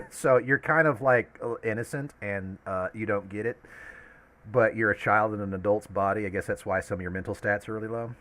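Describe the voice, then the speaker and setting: A man running a tabletop game as game master, narrating with a lively manner and frequent laughs. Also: lowish voice, moderate pace.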